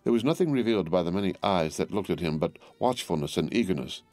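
A male narrator reads a classic novel in a measured, formal way. His voice is deep and low. The recording is dry and close, with faint music underneath. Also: expressive, a little mellow, no echo. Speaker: audiobook narrator.

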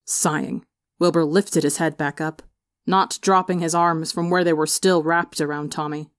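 A woman reading fan fiction aloud as an audiobook narrator, expressive on the emotional beats. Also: low-pitched, normal speed, no room sound, studio quality. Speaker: audiobook reader. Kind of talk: storybook narration.

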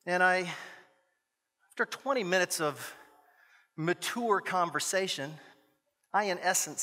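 A man telling a story in a chapel sermon, animated, with joking asides and dramatic quoted voices. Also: high voice, slow, long pauses. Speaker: guest chapel speaker, former youth pastor. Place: university chapel. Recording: echoey hall.

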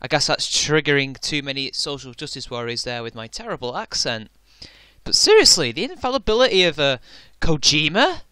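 A man's voice: on the high side, expressive, a little fast, pushed and bright, smooth, no room sound. A man giving a sarcastic reaction commentary over a played clip, mocking it with theatrical sarcasm. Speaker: reaction video maker.

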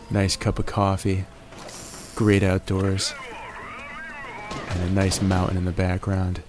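A man in a groggy morning voice narrating his gameplay, relaxed and jokey, making little puns as he goes. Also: low voice, takes it slowly, long pauses. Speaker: gaming video host. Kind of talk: gameplay commentary.

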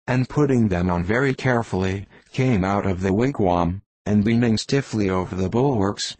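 A man reading a classic novel aloud as an audiobook narrator, in a plain, even reading voice. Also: fairly low pitch, slightly rough, dry recording. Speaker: audiobook reader. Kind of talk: scripted narration.

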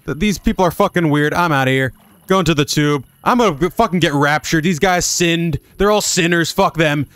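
Male streamer, rambling crude humor, slightly high voice. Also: expressive, moderate pace, a bit bright, clear, resonant tone, no echo. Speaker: gaming streamer. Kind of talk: casual gameplay commentary.

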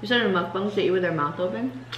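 A woman's voice: medium pitch, fast, echoey room, muffled recording, loud music behind the voice. A woman hosting a casual eating video at home, teasing her family and laughing while she eats. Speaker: vlogger and host. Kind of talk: casual mukbang chat. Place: family home during a meal.

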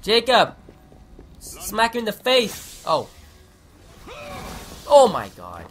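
A young man giving excitable let's play commentary, swearing and shouting at the game. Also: high voice, slow pace, soft background music. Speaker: gaming commentator.

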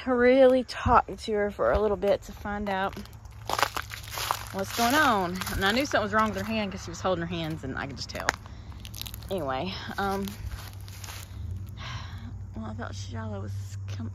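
A woman with a Southern American accent talks casually into a handheld camera in her yard. She rambles, loses her thread and picks it back up, speaking at a middling pitch. Faint outdoor noise sits under her voice. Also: lively intonation, normal speed, long pauses. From West Tennessee, USA. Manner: rambling, chatty, trails off and restarts mid-thought. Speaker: family vlogger.

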